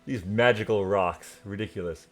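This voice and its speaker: A man voicing a boisterous, jolly middle-aged noble knight in a tabletop game, loud and hearty. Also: fairly low pitch, moderate pace, close to an everyday voice.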